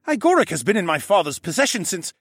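A man voicing a blunt, impatient young falcon man who snarls and pushes hard, in a raised, husky voice. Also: sits high, very animated, quick pace, fairly bright tone, no room sound, studio quality, voice pushed up, exaggerated voice. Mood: heated.

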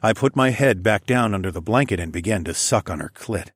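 Low husky male storyteller. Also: expressive, no echo, clean studio sound. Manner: low, measured, intimate reading. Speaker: narrator. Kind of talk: first-person story narration.

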